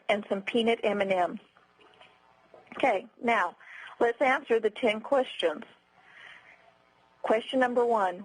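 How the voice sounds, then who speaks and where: A woman trainer delivers a scripted training lecture in a fairly high, slightly husky voice. She speaks in a clear, instructive way at an even pace. The recording is dry and close. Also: no echo, rough recording. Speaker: customer service trainer.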